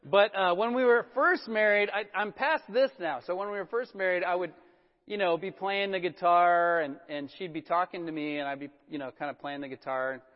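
A middle-aged man preaches in a loose, chatty way, with self-deprecating asides and plenty of fillers. His voice sits fairly high for a man. The sound is muffled and rings with the long reverb of a church hall. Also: normal speed. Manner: relaxed, self-deprecating storytelling with many fillers. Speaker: pastor. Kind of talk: conversational sermon.

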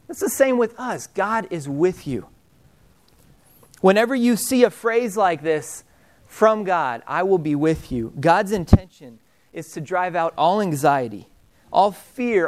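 A young man preaching a sermon in a conversational way, dropping soft and slow on key phrases. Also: high-pitched. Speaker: pastor.

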